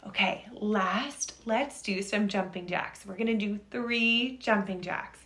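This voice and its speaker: A woman's voice: medium pitch, slow pace, few pauses, fairly bright tone, reverberant. A woman teacher leading young children through arm stretches and jumping jacks, coaxing and counting along in an upbeat way. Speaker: reading teacher. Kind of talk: leading a movement warm-up for children.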